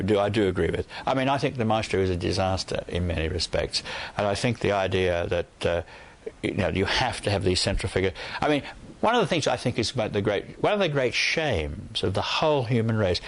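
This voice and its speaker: Gravelly older man, halting speech. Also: on the low side. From Australia. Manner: hesitant, many restarts. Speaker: poet guest. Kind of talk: interview conversation.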